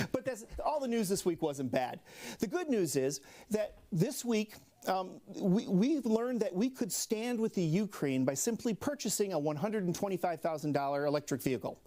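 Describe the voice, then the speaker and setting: A man's voice: high-pitched, animated, moderate pace, dark tone. A man with a Midwestern American accent hosting a local comedy talk show, telling topical jokes in a monologue and chuckling at his own lines. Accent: Upper Midwest American. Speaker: late-night comedy host.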